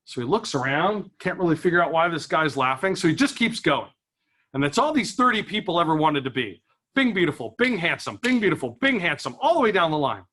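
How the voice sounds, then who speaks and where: A man's voice: fairly high pitch, fairly bright tone. A young man doing stand-up, telling stories, acting out voices and laughing at his own jokes. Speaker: stand-up comedian. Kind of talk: stand-up comedy storytelling.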